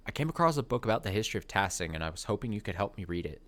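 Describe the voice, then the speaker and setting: Guy reading a polite young woman artist, low plain voice, faint hiss. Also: lively intonation, rapid-fire, fairly bright tone.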